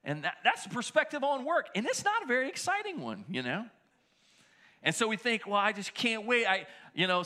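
A middle-aged man preaching a sermon as pastor, telling stories with animated bursts and frequent restarts. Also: sits high. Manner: storytelling, animated, shouting quoted lines.

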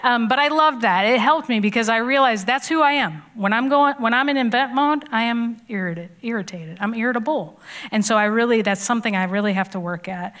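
A woman's voice: a little high, fairly quick, a bit bright. Woman, 40s, youth pastor giving a sermon; conversational, anecdotal, laughs often. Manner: chatty, storytelling, laughs often, acts out quoted voices.

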